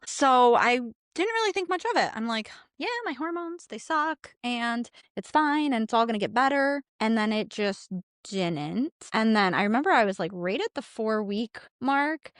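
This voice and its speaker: A woman's voice: medium pitch, no echo, studio quality. A young woman co-hosting a podcast, chatty and candid, telling a personal story with many "like" fillers and acted-out bits of past dialogue. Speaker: podcast co-host.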